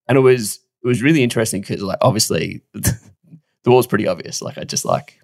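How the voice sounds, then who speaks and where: A man, co-hosting a podcast and telling a story in a casual, animated way, swearing now and then and laughing often. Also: lowish voice, fairly quick, creaky, dry recording, studio quality. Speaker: podcast co-host.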